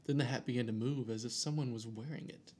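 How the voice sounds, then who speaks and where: A man's voice: mid-range voice, fairly even intonation, fast, darkish tone. Casual man reading a scary story. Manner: reads aloud with jokey asides and stumbles over names.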